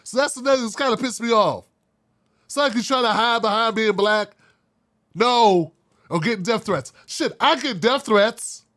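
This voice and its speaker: A man's voice: high-pitched, normal speed, a bit bright. A man hosting an opinion commentary show, blunt and fired up, swearing freely. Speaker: host.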